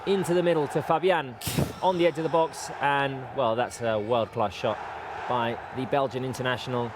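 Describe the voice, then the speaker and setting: A man's voice: mid-range voice, noisy background. A man doing live football play-by-play commentary with jokey banter between calls. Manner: excitable, quick asides, jokey.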